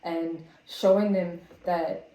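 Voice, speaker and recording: A woman co-hosting a casual podcast, talking bluntly and with emphasis and swearing to make a point. Her voice is on the low side, with a dark, mellow tone. The recording carries a roomy echo. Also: steady tone, slow, a little hiss or hum. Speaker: podcast co-host. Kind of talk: casual chat.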